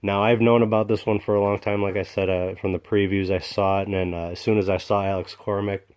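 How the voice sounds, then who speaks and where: A man casually showing off comic books in a rambling vlog, excited and full of fillers and restarts. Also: on the low side, fast talker, clear, resonant tone. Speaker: comic book collector vlogger. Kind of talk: casual show-and-tell vlog.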